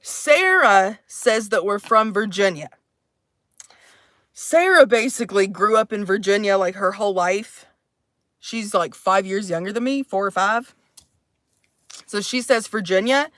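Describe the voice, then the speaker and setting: A woman's voice: medium pitch, measured pace, long pauses, fairly bright tone, dry recording, clean studio sound. A woman in her thirties from Texas, with mixed, shifting accents, chatting casually and profanely on a livestream, rambling and sighing often. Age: 30s.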